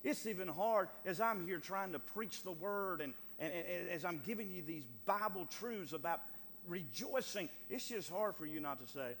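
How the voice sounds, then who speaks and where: A middle-aged man preaching a fervent, animated sermon, piling up emphatic repeated phrases. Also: sits high, normal speed. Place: church sanctuary. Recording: long reverb of a church hall, faint hum.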